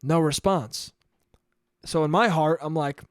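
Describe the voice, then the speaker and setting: A young man hosts his podcast alone, telling a long story in a loose, animated way, swearing freely and acting out his own thoughts as he goes. His voice sits a little high for a man. The sound is close and dry, with no room around it. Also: a little slow, dry recording. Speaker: podcast host. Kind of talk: casual storytelling monologue.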